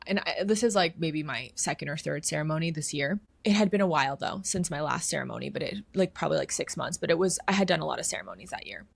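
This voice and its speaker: A woman's voice: sits low, gravelly, dry recording. A thirty-year-old woman telling a personal story as a podcast guest, candid, full of "like" and casual swearing. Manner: candid, heavy use of "like", swears freely. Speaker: podcast guest, inner work coach.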